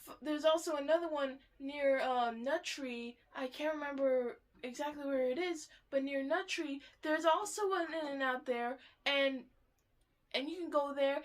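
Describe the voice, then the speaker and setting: A woman's voice: high-pitched, unhurried. A young woman ranting heatedly in a casual monologue, swearing and exasperated while reacting to a podcast.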